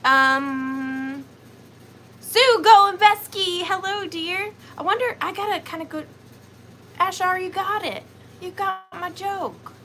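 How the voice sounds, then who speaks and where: A woman's voice: very high voice, slow pace, fairly bright tone, a little hiss or hum. A woman with a Southern US accent hosting a livestream, chatting sweetly with viewers and greeting them by name. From Georgia, US. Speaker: livestream host.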